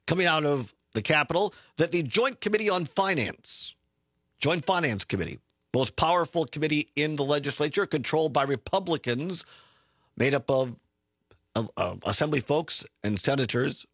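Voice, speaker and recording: A man's voice: mid-range voice, no room sound. A man hosting a political talk radio show from a studio, chatty and sarcastic. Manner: chatty, sarcastic, lively asides.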